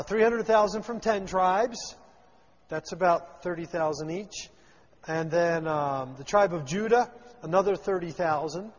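A preacher with a high, slightly rough voice reads a Bible passage one verse at a time, then paraphrases it in everyday terms and gives voices to the people in the story. The audio is muffled and lo-fi, with long reverb from a hall.

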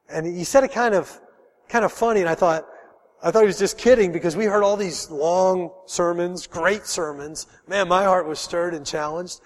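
Man preaching, high voice, earnest and emotional, middle-aged, long hall reverb. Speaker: pastor. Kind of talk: sermon.

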